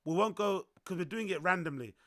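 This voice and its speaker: A young man, his voice worn hoarse, chatting loosely to his livestream audience, repeating himself and swearing as he goes. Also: high voice, a little fast, a bit bright, no room sound, studio quality. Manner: loose, repetitive, swearing, talks to chat. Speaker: livestream host. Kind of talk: casual livestream chat.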